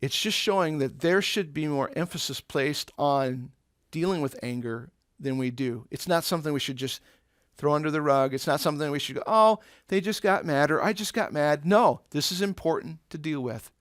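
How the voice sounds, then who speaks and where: A man's voice: on the high side, moderate pace, no echo, clean studio sound. A man teaching an eighth-grade Bible lesson in a conversational way, explaining with everyday examples and asking rhetorical questions.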